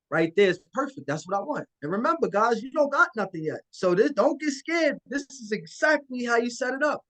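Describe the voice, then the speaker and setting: A man's voice: sits high, lively intonation, brisk, few pauses, fairly bright tone, low-quality recording. A man coaching listeners on a live call in a casual, confident way, acting out phone calls. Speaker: guest land investor.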